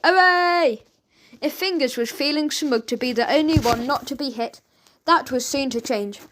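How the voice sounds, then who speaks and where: High-voiced woman reading a storybook. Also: moderate pace, background noise. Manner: lively, expressive reading. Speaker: audiobook narrator. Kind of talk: storybook narration.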